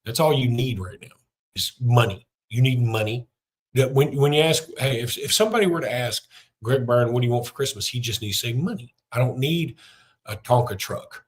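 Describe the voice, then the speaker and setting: A man's voice: mid-range voice, lively intonation, a little fast. A middle-aged man, hosting a sports podcast in a chatty, rambling way with lots of fillers. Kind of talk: casual podcast talk with a read ad.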